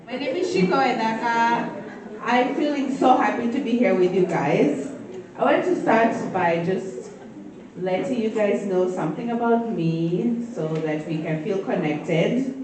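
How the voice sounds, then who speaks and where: A woman's voice: a little high, lively intonation, measured pace, far from the mic. A woman doing a playful, teasing stand-up comedy set at a live event. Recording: echoey venue miked from afar with crowd.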